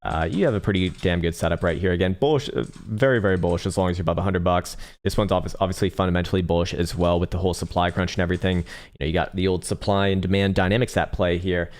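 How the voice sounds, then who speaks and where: A man's voice: deep voice, fairly even intonation, fast talker. A man hosting a live trading stream, reading viewer questions and giving blunt, profane chart analysis. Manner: profane, blunt, bursts into laughing rants. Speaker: trading livestream host.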